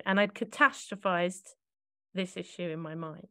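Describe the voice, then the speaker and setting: A woman's voice: fairly low pitch, fairly even intonation, normal speed, a bit bright, clean tone, dry recording, studio quality. A woman co-hosting a podcast, talking in a reflective, searching way and often correcting herself mid-thought. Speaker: podcast co-host.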